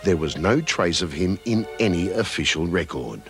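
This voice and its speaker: A man giving scripted documentary narration in a measured, solemn manner. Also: low voice, expressive. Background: background music.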